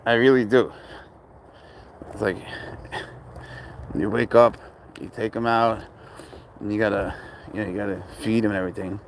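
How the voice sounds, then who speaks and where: With a steady tone, normal speed, and long pauses, a man with a fairly low voice rambles easily about his cat. He's a cat owner vlogger chatting outdoors in a park beside traffic, tired from lack of sleep, and there's a little hiss or hum.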